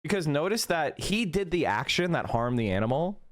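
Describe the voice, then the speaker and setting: A man's voice: fairly high pitch, big pitch swings, normal speed. A man hosting a stream, giving heated, mocking reaction commentary full of swearing. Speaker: stream host reacting to clips.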